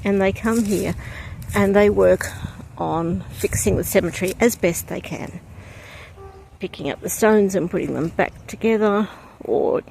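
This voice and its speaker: A woman from outside Poland vlogs a walk through an outdoor cemetery in the breeze, talking reflectively to a handheld camera and using plenty of ums. Her voice is mid-range, gravelly and a little mellow, a bit slow, with a little hiss or hum in the audio.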